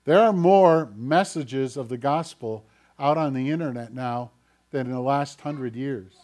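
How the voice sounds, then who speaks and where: Man preaching a sermon, swings loud to hushed, mid-pitched voice. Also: a little slow. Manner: dramatic shifts between loud urgency and hushed quiet. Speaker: pastor.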